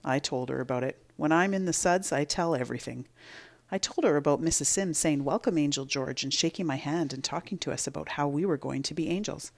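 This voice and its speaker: A woman teacher reading a children's chapter book aloud with expressive storytelling. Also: low-pitched, fairly quick, vocal fry.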